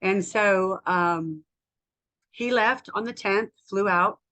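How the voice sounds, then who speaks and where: A woman's voice: medium pitch, takes it slowly, pushed and bright. A woman in her fifties from the United States, a health coach talking candidly and emotionally in a casual, rambling personal vlog. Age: 50s.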